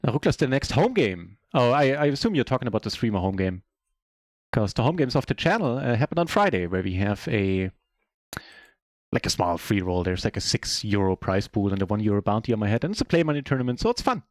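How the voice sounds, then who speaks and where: Fairly quick and on the low side, the voice belongs to a native German-speaking German man casually commentating his own poker game on a live stream. He's relaxed and self-deprecating, and the clean studio sound has no room sound.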